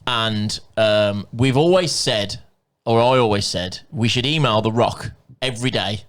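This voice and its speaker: A man's voice: lowish voice, a little slow, fairly bright tone. An English man co-hosting a podcast, telling stories in casual chat, swearing and laughing often. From England. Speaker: podcast co-host.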